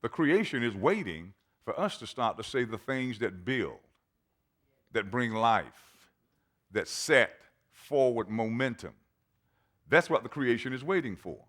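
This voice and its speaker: A man's voice: mid-range voice, big pitch swings, unhurried, a bit bright. A man, a pastor, preaching a sermon and reading scripture aloud with dramatic emphasis. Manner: reads scripture aloud in old-fashioned wording.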